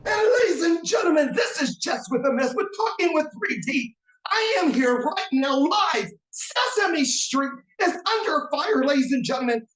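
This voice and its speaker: A man putting on a frantic male breaking-news reporter who shouts on the edge of tears. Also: extremely high pitch, animated, moderate pace, echoey room, voice pushed up, low-quality recording. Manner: shouting, near-crying outrage.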